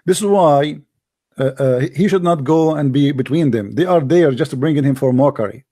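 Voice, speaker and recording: Guy ranting over a debate clip, kinda high voice, mocking, laughs a lot, broken english, dry close mic. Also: moderate pace, dark tone, no echo. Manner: mocking, combative, laughs often; non-native English grammar. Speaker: commentator reacting to a debate clip. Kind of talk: casual reaction commentary.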